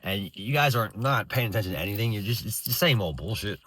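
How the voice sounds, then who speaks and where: Fast-talking angry man ranting. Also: fairly low pitch, lively intonation, a bit bright, slight background noise. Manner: profane, bitter, rambling with many restarts. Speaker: veteran vlogger. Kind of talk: angry unscripted rant.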